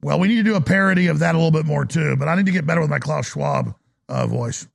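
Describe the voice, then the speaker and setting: Gravelly ranting talk radio host. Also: male voice, fairly high pitch, quick pace. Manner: ranting, stumbling restarts. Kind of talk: call-in talk radio monologue.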